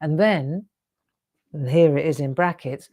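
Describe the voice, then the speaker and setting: A woman's voice: deep voice, a little slow, dark tone, no echo. A woman in her sixties hosting a craft show, chatty and effusive, gushing over viewers' artwork with storytelling asides. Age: 60s.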